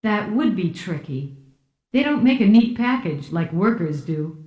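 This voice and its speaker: A man's voice: high voice, sing-song, measured pace, lo-fi sound. A woman reading an audiobook voices a formal, deferential male officer aboard a starship. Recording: roomy echo.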